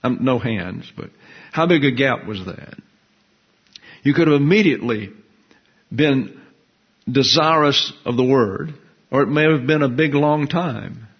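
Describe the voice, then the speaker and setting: A man preaching a Bible teaching sermon in a measured, emphatic teaching manner. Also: medium pitch, lively intonation, slightly rough, muffled recording. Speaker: pastor.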